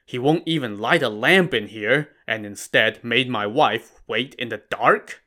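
A man voicing a drunk, boastful male bandit chieftain with a loud, cocky, jovial manner. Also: mid-range voice, a little slow.

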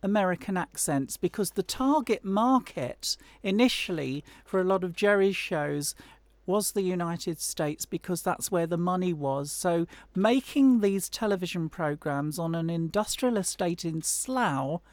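Soft-spoken woman hosting an interview. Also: lowish voice, animated, dry recording. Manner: measured, summarizing, leading questions. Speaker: podcast host. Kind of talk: interview questions.

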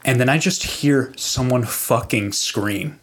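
A young man spins a spooky story on a podcast in a loose, rambling way. He swears freely and keeps restarting his sentences and padding them with fillers. His pitch sits in the middle. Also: slow pace. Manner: rambling, profane, lots of fillers. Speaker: podcast guest. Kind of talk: casual storytelling.

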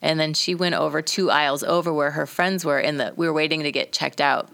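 A woman's voice: sits low, fairly even intonation, a little fast, vocal fry, fairly bright tone. A woman on a casual podcast, telling a personal story in a candid, emotional way. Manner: candid storytelling, tearful and frank. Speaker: podcast guest.

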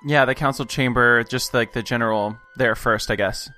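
Man, tabletop player, bright sharp voice, casual chat full of "like", faint music. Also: mid-range voice, fairly even intonation, moderate pace. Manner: chatty, with many "like" fillers.

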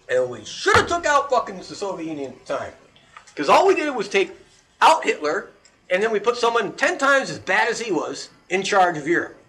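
A man's voice: high voice, a bit bright. A man hosting a casual podcast chat, ranting animatedly and swearing a lot.

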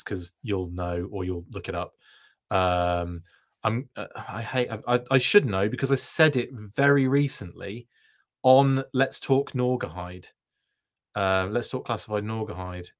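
A man's voice: lowish voice, fairly bright tone. A man hosting a casual livestream reaction, chatting, answering viewer comments, and often breaking off mid-sentence. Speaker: host.

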